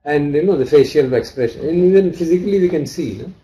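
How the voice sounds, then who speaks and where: Man teaching in a mellow voice. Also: a little high, low-quality recording. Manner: explains slowly, reading and glossing Pali terms. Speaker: dharma teacher. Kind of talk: study-class lecture.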